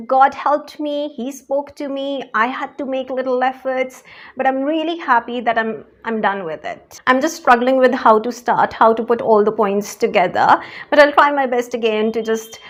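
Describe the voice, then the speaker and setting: Earnest high-voiced woman sharing faith. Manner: earnest, repeats words while searching for them. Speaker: faith vlogger. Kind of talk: personal faith testimony.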